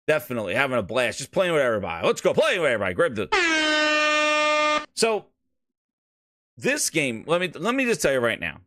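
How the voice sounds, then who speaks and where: A man with a New York accent, hosting a casual gaming show, with hype-man shouting and loose, rambling talk that repeats itself. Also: mid-range voice, wildly swooping pitch, very fast, few pauses, dry recording. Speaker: podcast host.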